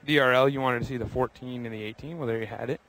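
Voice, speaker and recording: A man's voice: medium pitch, steady tone, fast talker, a bit bright, poor audio. A young man hosting a live walking tour of a racetrack garage, chatty and upbeat, speaking to viewers by name while he walks outdoors. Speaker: host.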